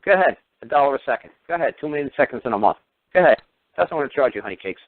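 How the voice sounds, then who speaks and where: A man in the mid-range holds forth in a racing, expressive rant on talk radio, crude, sarcastic, and combative, mocking as he lectures. His voice comes through dry, tinny, and phone-like, with no echo around it.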